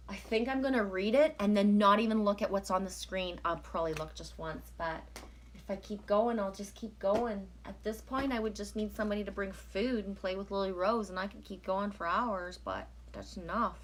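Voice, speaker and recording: A woman's voice: mid-range voice, a little hiss or hum. Woman, from Canada, live streamer, rambling, chatty, reads out viewer comments. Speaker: live streamer reading oracle cards. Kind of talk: casual live-stream chat.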